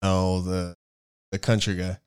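A man co-hosting a casual faith-based chat, rambling and thinking out loud as he searches for words. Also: deep voice, flat delivery, unhurried, clean tone. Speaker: podcast co-host.

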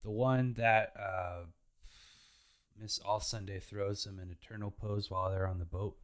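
A man's voice: on the low side, fairly even intonation. A man casually retelling anime episodes as a podcast host, laid-back and playful. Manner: slow, laid-back retelling with playful put-on character voices. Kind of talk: casual recap chat.

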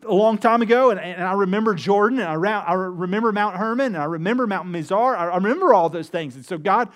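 Pastor with a high tenor, preaching casually, voicing the psalm's cries. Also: male voice, fast. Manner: conversational preaching, acts out the psalm's voices with rising emotion. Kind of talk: sermon. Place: church with two campuses.

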